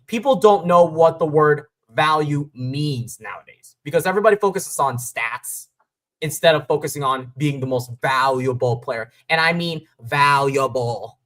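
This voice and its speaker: A man's voice: fairly high pitch, fairly bright tone. A man hosting a casual online sports show, ranting in frustration and swearing as he talks. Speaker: podcast host.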